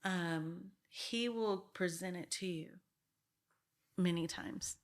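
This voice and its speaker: A woman's voice: fairly low pitch, takes it slowly. A woman in her fifties, a guest in an interview, talking in an earnest, reflective way with some restarts. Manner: earnest, reflective, with frequent restarts and soft laughs. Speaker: guest, real estate broker. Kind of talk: casual interview talk.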